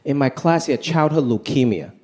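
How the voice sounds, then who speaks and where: During a live comedy show, a man with a mid-range, darkish voice talks animatedly and a little fast, acting out quoted voices. A laughing audience and faint background noise are audible.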